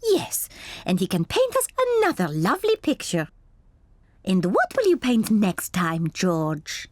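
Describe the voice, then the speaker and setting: Cartoon gazelle teacher, female, kindly and encouraging, very sing-song and unhurried. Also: mid-range voice, wildly swooping pitch, no echo. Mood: warm. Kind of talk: cartoon voice acting.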